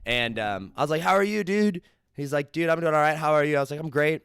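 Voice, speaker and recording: Energetic young man hosting a podcast. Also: fairly high pitch, fast talker, creaky, clean tone, no room sound, clean studio sound. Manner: energetic, animated storytelling with quoted dialogue. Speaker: podcast host. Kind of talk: casual interview chat.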